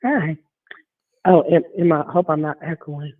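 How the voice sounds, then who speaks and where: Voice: mid-range voice, unhurried. A caller on a phone line, asking questions in a hesitant, apologetic way. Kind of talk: phone call-in.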